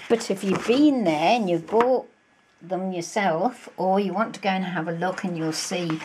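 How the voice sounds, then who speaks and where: Slow, low-voiced chatty woman crafter. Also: darkish tone, a little hiss or hum, poor audio. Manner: chatty, gushing, with many fillers. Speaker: crafting vlogger. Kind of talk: casual show-and-tell.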